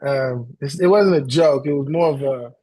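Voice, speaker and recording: A man talking as a life coach in casual, slangy, animated chat, repeating himself and acting out voices. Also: medium pitch, moderate pace.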